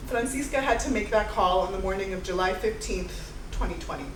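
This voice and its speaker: A young woman performing one-woman stage storytelling in a lively, casual way, often saying "like". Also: medium pitch, fairly quick, slight background noise. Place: theater stage. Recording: roomy live stage sound from far off.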